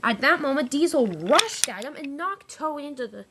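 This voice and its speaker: A woman's voice: high-pitched, lively intonation, moderate pace, noisy background. A woman narrating a homemade toy-train story in a casual way, with small slips and restarts.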